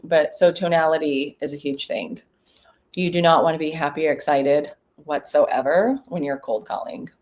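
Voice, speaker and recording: Woman vlogger, deep for a woman, relaxed and chatty, lots of ums. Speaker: real estate broker. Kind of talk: casual vlog while cold calling.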